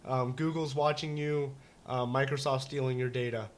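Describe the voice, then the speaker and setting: A man's voice: mid-range voice, fairly even intonation, moderate pace. A man co-hosting a casual talk show, rambling and joking with many restarts and fillers. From United States. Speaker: podcast co-host. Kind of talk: casual chat.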